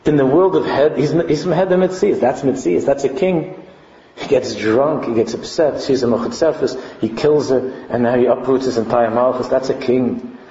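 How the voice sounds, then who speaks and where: A man's voice: mid-range voice, normal speed. Man preaching in an echoey hall. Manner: animated, rising to impassioned preaching. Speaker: rabbi. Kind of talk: sermon on Purim. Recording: echoey hall, dull lo-fi sound with faint background noise.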